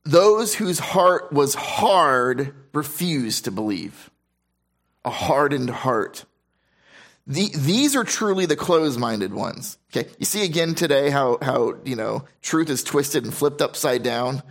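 A man's voice: mid-range voice, lively intonation, takes it slowly. A man preaching a sermon, reading scripture aloud and explaining it with emphatic repetition and frequent restarts. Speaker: pastor.

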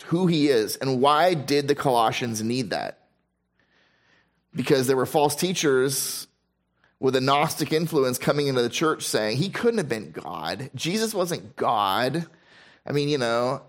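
A male pastor preaching a Bible sermon, slowing down to stress key phrases and mixing in casual, humorous asides. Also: mid-range voice.

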